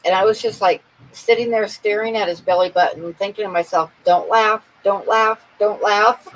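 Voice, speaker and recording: A woman's voice: mid-range voice, steady tone, normal speed, hardly any pauses, slight background noise, rough recording. A woman chatting casually on her live stream with viewers, telling a story in a chatty, amused way and laughing along at it. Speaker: art channel host chatting with viewers.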